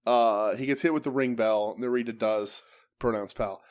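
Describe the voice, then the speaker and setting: Male podcast co-host, casual and profane, animated storyteller. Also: medium pitch, normal speed. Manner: profane, animated, mimics promos. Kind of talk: casual wrestling chat.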